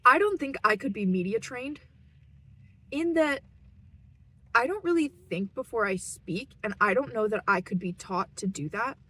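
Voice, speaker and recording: A woman's voice: a little high, animated, moderate pace, bright, forceful tone, slightly rough, poor audio. A young woman chatting to camera from her parked car, rambling and self-deprecating with giggles. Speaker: vlogger. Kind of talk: casual rambling monologue.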